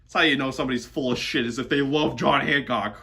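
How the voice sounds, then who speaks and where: A man's voice: mid-range voice, steady tone, fast talker, gravelly, sharp tone. A man hosting a reaction video, mocking and exasperated, swearing often and laughing as he talks. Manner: laughs while talking. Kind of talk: sarcastic reaction commentary.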